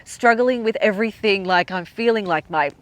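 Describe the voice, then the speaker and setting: A woman's voice: mid-range voice, normal speed. Emotional chatty woman telling a personal story. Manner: chatty and emotional, many "like" fillers. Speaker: podcast host.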